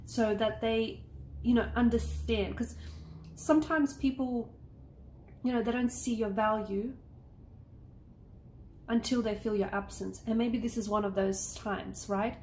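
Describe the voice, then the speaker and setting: A woman's voice: fairly high pitch, fairly even intonation, unhurried, long pauses, a little mellow. Woman, rambling tarot reading, echoey room, faint hiss. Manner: rambling, reassuring, frequent "okay?" check-ins. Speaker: tarot reader. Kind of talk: casual tarot reading to camera.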